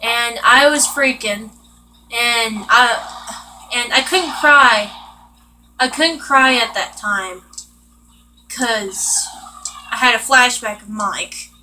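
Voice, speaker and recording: A woman's voice: on the high side, slow, long pauses, bright, forceful tone, slight background noise, low-quality recording. A young woman venting in rambling, frustrated casual chat while she plays a video game. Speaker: vlogger.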